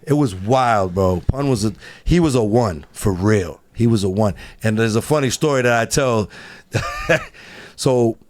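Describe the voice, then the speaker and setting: A man telling studio stories in casual podcast chat, animated and laughing often as he acts out what others said. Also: fairly low pitch, a little slow. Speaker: studio engineer guest.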